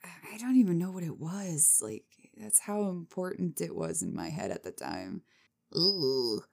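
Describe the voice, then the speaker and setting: Animated self-mocking woman storyteller. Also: deep voice, a little slow, vocal fry. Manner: rambling with restarts and fillers. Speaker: vlogger. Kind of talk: casual storytelling.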